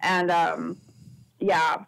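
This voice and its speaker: A woman's voice: fairly low pitch, flat delivery, extremely slow, creaky, fairly bright tone, low-quality recording. Giggly chatty woman guest on a radio show. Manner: chatty, giggly, lots of fillers. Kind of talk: casual interview chat.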